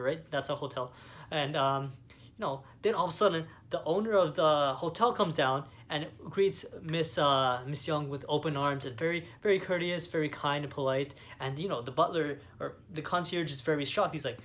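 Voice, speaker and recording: A man's voice: on the high side, normal speed, fairly bright tone. A young man from Canada giving a casual movie review, rambling with lots of fillers and enthusiasm. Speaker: vlogger.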